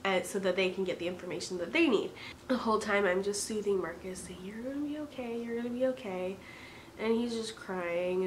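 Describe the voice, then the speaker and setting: Chatty young mom telling a story. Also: female voice, mid-range voice, a bit bright, a little hiss or hum. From Oregon. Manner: earnest, chatty, many fillers and "like". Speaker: stay-at-home mom vlogger. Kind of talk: casual storytelling to camera.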